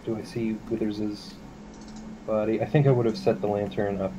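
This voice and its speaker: A man talks through his moves in a tabletop game, stammering and repeating himself. His voice sits on the low side. Clear hiss from the mic runs under it. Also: level tone, moderate pace. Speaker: player. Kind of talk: casual tabletop game play.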